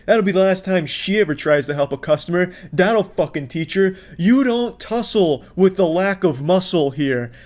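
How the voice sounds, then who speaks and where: A man's voice: high-pitched, animated, normal speed, hardly any pauses, darkish tone. A man giving sarcastic, profane reaction commentary on clips. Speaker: commentary host.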